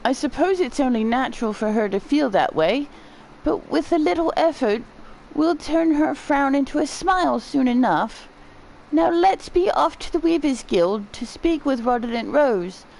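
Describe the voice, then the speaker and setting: A woman's voice: high voice, expressive, normal speed, creaky, a little mellow, slight background noise, pitched above the performer's own voice, rough recording. A woman voicing a cheerful, encouraging adult caretaker character in a game.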